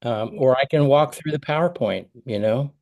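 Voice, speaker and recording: A man's voice: medium pitch, normal speed, a little mellow, lo-fi sound. A middle-aged man coaching a parent over a video call, talking conversationally and acting out example phrases.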